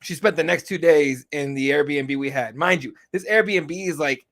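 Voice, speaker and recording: A man's voice: on the high side, moderate pace, fairly bright tone. A man in his thirties co-hosting a podcast, telling long family stories in casual, profane chat. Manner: profane, rambling storyteller. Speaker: podcast co-host.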